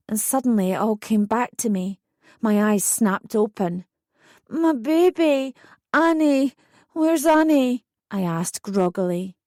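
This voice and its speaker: A woman with a warm, medium-pitched voice narrates a first-person true story audiobook with feeling, reading her memoir emotionally and acting out the quotes. The recording is dry and studio quality.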